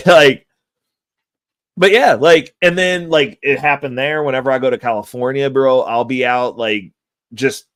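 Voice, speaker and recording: A man spins long, profane stories in a loose, chatty way, breaking into laughter here and there. His voice sits in an ordinary middle pitch. The sound is close and dry, with no room around it. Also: a little slow, no room sound. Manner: profane, laughing, animated storyteller. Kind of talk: casual storytelling chat.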